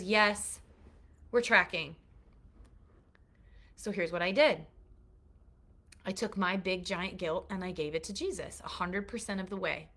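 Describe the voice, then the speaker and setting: A woman's voice: medium pitch, moderate pace, fairly bright tone. A middle-aged woman teaching a course for mothers, earnest and confessional, checking in with her listeners as she shares her faith. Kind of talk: heartfelt faith-based teaching to a live online group.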